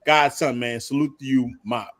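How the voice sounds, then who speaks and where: A man's voice: mid-range voice, moderate pace, over a noisy crowd. A man hosting a casual livestream chat, telling stories and laughing often. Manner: animated storytelling, laughs often. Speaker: host.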